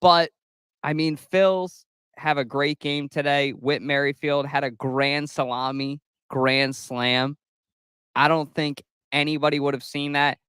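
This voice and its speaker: A man's voice: fairly high pitch, flat delivery, unhurried, fairly bright tone, clean tone, no echo, studio quality. A young man hosting a sports podcast alone, recapping a game in a loose, chatty way with casual swearing. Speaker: podcast host.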